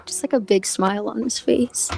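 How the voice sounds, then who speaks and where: A woman's voice: a little high, moderate pace, creaky, a little mellow. A woman playing a tabletop game, describing her character's actions in a hesitant way with many fillers and giggles. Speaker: player.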